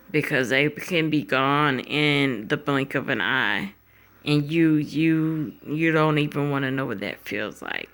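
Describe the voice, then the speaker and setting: A woman telling a painful personal story straight to her viewers, slow and heartfelt. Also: low-pitched, bright, forceful tone. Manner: tearful, fighting back tears. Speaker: vlogger.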